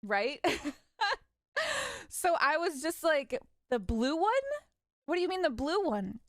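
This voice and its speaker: A young woman streamer casually telling stories about her parents, animated and laughing, acting out their lines. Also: sits high, takes it slowly, no echo, clean studio sound. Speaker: vtuber streamer. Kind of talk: casual storytelling.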